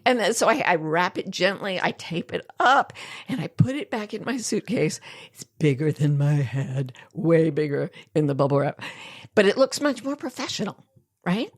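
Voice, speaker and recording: A woman's voice: on the low side, animated, moderate pace. An older woman hosting a podcast, telling a story animatedly, laughing often and acting out other people's lines. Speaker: podcast host. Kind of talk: storytelling in casual chat.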